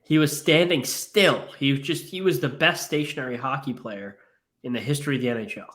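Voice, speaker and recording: A man co-hosting a podcast, animated and emphatic, quick to jump into the hockey talk. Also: mid-range voice. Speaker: podcast co-host. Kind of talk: casual hockey chat.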